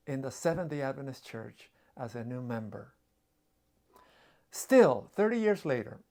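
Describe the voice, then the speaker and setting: A man preaching a sermon, telling a story dramatically, with repetition and pauses. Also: fairly high pitch, darkish tone.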